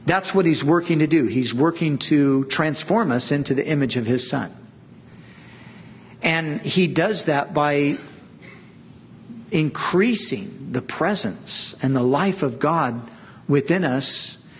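A middle-aged man preaching with slow, deliberate pacing and long pauses between phrases. He drives his points home with earnest emphasis. A faint ambient hiss sits under his voice. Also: a little high. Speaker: pastor. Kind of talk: sermon.

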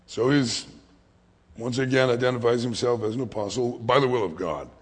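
A man preaching a sermon as pastor, swinging from hushed whispers to loud, emphatic lines. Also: medium pitch, moderate pace, husky. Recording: long hall reverb.

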